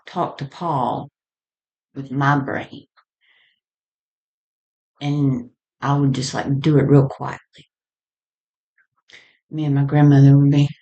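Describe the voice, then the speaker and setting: A woman's voice: low voice, low-quality recording. A woman telling a personal story in a casual, meandering way, often laughing between her sentences. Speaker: vlogger.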